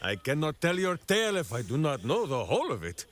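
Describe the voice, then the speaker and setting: A man's voice: a little high, wildly swooping pitch, fairly quick. An actor playing a boisterous, grandiose male warrior-ranger in a video game, who speaks of himself in the third person. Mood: boastful. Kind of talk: video game character dialogue. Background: faint game music.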